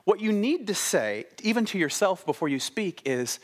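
A pastor in his thirties delivers a sermon in a somewhat high voice. He tells stories with lively, playful inflection. On key words he drops to a quiet, stressed delivery. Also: moderate pace, few pauses. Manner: animated storytelling with playful inflection.

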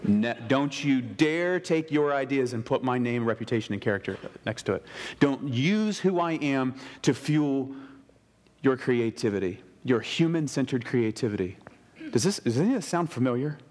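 A man preaching a sermon in a conversational style, with emphatic asides and quick restarts. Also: mid-range voice, animated, a little mellow. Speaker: pastor. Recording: reverberant hall.

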